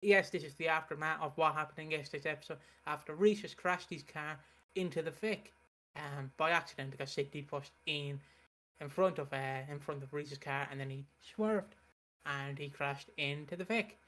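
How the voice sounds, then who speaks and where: A man's voice: a little high, normal speed, bright, forceful tone. A young man hosting a casual chat, recapping soap opera plot with lots of fillers and restarts. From United Kingdom. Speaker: soap opera reaction host.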